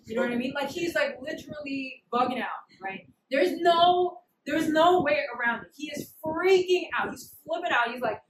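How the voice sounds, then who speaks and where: Woman giving a laid-back slangy sermon, high voice, echoey hall, kinda far. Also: a little slow. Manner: slangy, animated storytelling. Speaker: preacher. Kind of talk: casual sermon. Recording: roomy, distant, noisy hall.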